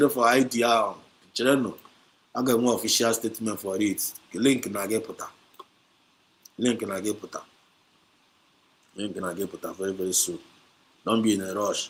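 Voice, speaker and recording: A man with a Nigerian accent hosting a heated livestream, combative and repetitive, switching between English, Pidgin and Igbo. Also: on the low side. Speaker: livestream host. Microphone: streaming setup.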